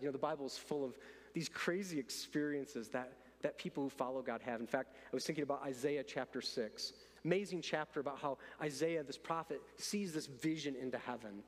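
A man with a somewhat high voice delivers a sermon from the pulpit. He talks earnestly and conversationally, often doubling words as he restarts a thought. A long church-hall reverb trails after his voice. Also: fairly quick. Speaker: pastor. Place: church sanctuary.

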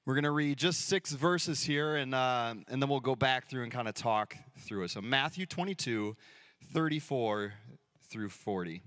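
Male pastor in his thirties, casual storyteller, mid-pitched, close and dry. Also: normal speed, a bit bright, dry recording. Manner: casual, storytelling, acts out dialogue playfully. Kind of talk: sermon. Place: church sanctuary.

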